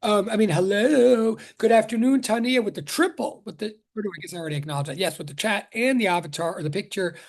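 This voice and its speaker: A man's voice: high-pitched, animated, quick pace, hardly any pauses. A chatty male physics professor talking over a video call. He rambles, restarts his sentences and greets his students one at a time before getting to the lesson. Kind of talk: casual online class greeting.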